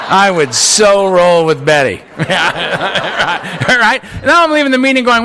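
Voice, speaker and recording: Bright, high-voiced man telling comic testimony. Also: slow pace, few pauses. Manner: animated, self-mocking storytelling. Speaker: recovery speaker. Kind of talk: humorous personal testimony. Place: conference hall podium.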